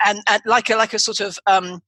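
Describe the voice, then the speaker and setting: A woman hosting a chatty podcast, her voice bright and forward. She wanders through her points with plenty of restarts and side remarks. The sound is close and dry, with no room around it. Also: medium pitch, steady tone, brisk, no echo. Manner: rambling, with many restarts and asides. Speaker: podcast host. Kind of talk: casual chat.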